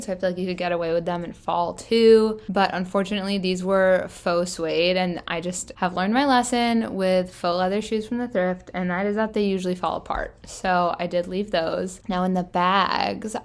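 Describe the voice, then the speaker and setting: A young woman casually narrating her thrift-shopping trip, chatty and enthusiastic, with plenty of filler words. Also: lowish voice. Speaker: fashion vlogger. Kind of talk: casual thrift-haul voice-over.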